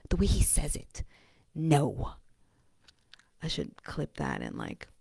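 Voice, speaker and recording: Low, gravelly woman talking slowly. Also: huge pitch swings, a little mellow, dry recording. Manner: often drops to a breathy whisper, blunt and profane. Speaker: vlogger. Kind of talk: casual rambling monologue.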